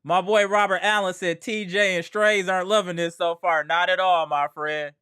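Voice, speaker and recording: A man's voice: high-pitched, steady tone, moderate pace, sharp tone, clean tone, dry recording, clean studio sound. A man hosting a casual sports livestream, slangy and trash-talking as he greets chat viewers by name. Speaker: sports channel host.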